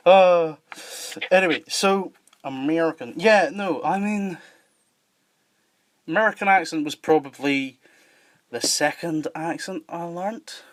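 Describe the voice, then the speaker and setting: A man's voice: high-pitched, slow pace, long pauses, a bit bright. A man with a Scottish accent hosting a casual podcast chat, joking and swearing and laughing often. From Scotland. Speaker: podcast host.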